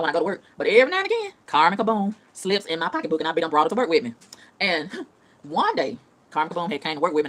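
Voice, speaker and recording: Her medium-pitched voice has a slightly bright quality. Ranting casually to camera, this vlogger addresses her audience in a profane, emphatic style and repeats phrases for punch.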